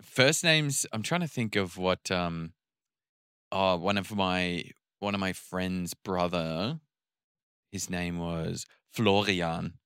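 A man co-hosting a podcast, chatting in a relaxed way and laughing often. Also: low-pitched, takes it slowly, smooth, no room sound, studio quality. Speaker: podcast co-host. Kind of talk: casual chat.

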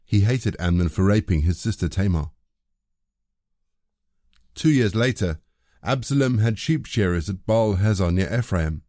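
Dark-voiced male scripture reader. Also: on the low side, expressive, unhurried, long pauses, no echo, clean studio sound. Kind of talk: scripted narration.

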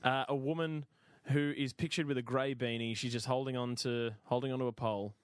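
A man co-hosting a comedy podcast, retelling a story with lively energy. His voice has an ordinary middle pitch. The sound is dry and close. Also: brisk, clean tone, dry recording. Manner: animated retelling, acts out quotes. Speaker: podcast co-host.

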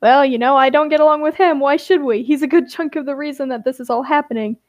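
A woman's voice: high voice, quick pace, dry recording, lightly acted. A woman reading as a cocky edgy teen stranger. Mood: dismissive. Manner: sighing, dismissive.

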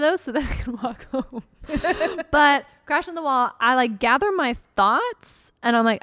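A young woman casually telling a story in a chat, animated and acting out her own reactions. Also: sits high, measured pace, no echo.

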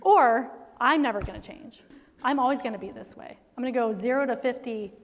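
A middle-aged woman speaking to an audience of mothers in a faith-based talk, telling stories in an animated way and laughing often. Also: on the high side, a little fast, slight background noise. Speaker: speaker to moms. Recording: long hall reverb.

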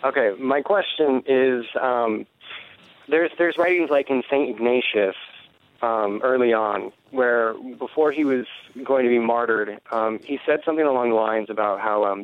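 A man's voice: mid-range voice, moderate pace. A man calling in to a radio show, asking a question hesitantly, with many ums. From San Diego area. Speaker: caller. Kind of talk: call-in question. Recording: phone line.

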